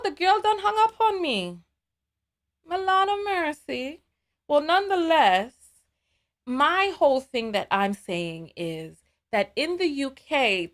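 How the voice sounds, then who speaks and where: A woman's voice: mid-range voice, a bit bright. A woman hosting a live call-in show, talking in a conversational, digressive way and taking calls.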